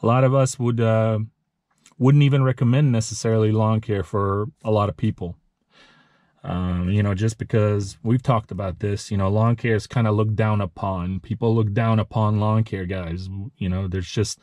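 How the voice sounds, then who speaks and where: A man in his thirties who owns a lawn care business, giving a heartfelt motivational vlog talk, earnest and emotional, halting and restarting as he speaks. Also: on the low side, fairly even intonation, a little mellow, no echo, clean studio sound. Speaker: lawn care business owner and channel host.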